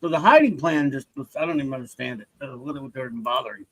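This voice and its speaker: A man's voice: medium pitch, quick pace, fairly bright tone, low-quality recording. A man co-hosting a casual comic book podcast, bluntly and wryly walking through the comic's pages. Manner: blunt, wry, reads out comic panels. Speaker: podcast co-host.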